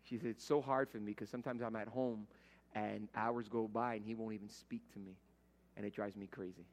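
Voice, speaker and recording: A man's voice: fairly low pitch, fairly even intonation, brisk. A middle-aged man preaching a conversational sermon as pastor, telling everyday stories and acting out the voices he quotes. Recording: long hall reverb.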